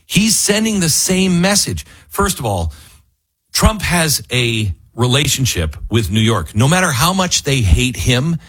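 A man's voice: mid-range voice, breathy edge, dry recording. A male radio talk show host, emphatic and opinionated, with a dry close studio sound. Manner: emphatic, animated, mocks others in put-on quotes.

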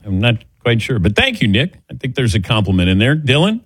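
A man's voice: medium pitch, big pitch swings, fairly quick, husky, no echo. A middle-aged man hosting a sports radio show, joking wryly and teasing himself. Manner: wry, self-deprecating joking. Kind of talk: casual sports talk radio.

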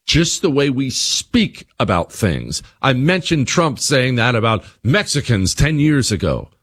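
A man's voice: medium pitch, sing-song, measured pace, a bit bright, breathy edge. A man hosting his own radio show, talking straight to listeners in an emphatic monologue that leans on repeated phrases.

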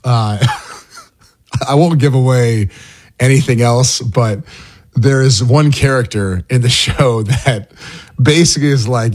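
Slightly husky man chatting on radio. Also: medium pitch, slow pace. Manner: laughs while telling stories. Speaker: radio sports co-host. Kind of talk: casual radio banter. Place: radio studio.

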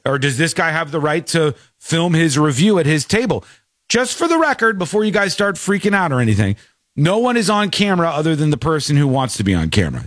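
A man hosting a casual commentary show, talking in an animated way and laughing while mimicking people. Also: sits high, dry recording, studio quality. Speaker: podcast host.

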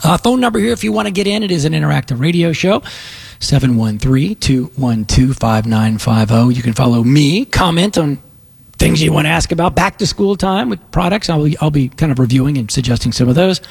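A man's voice: fairly high pitch, fairly quick, vocal fry, a little mellow, breathy edge. A man hosting a tech talk radio show, chatting casually and rambling with many fillers and restarts. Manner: rambling, self-interrupting, lots of fillers.

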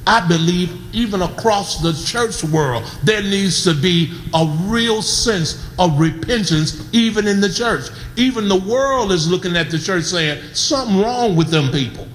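A man preaching a sermon as pastor, building to shouts and calling on the congregation to respond. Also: sits high, animated, measured pace, few pauses, roomy sound, big-room sound, a little hiss or hum, rough recording. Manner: preaching with rising shouts and audience calls.

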